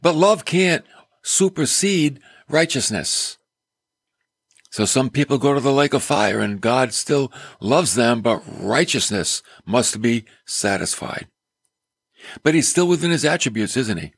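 A man's voice: medium pitch, animated, a little slow, husky, dry recording. A male preacher delivering a sermon in an emphatic storytelling manner. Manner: emphatic, storytelling with acted quotes.

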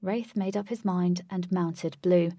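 A woman narrating an adventure story in a steady, clear storytelling voice. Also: lowish voice, unhurried, no echo.

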